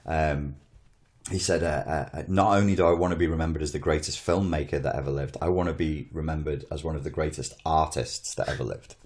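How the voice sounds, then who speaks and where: A man's voice: rumbling low, steady tone, fairly quick, a little mellow. A man in casual podcast chat, rambling and blunt, often restarting his sentences. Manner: rambling, blunt, swears, self-interrupting. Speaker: podcast co-host.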